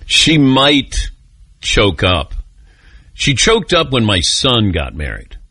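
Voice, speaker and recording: A middle-aged man hosts a talk radio show, joking at his own expense and trading quick banter with callers and his crew. His voice is bright and animated, rising and falling freely. The studio sound is dry, with no room echo. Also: medium pitch, slightly rough. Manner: joking, self-mocking, quick back-and-forth. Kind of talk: casual talk radio chat.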